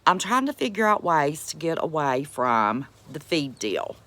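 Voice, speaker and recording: Woman, Appalachian accent, deep voice, unhurried, folksy live-stream chat, calls folks sweetheart. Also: very animated, fairly bright tone, no room sound. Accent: Appalachian American. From West Virginia. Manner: folksy, chatty, calls viewers sweetheart and buddy. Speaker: homestead vlogger greeting live chat.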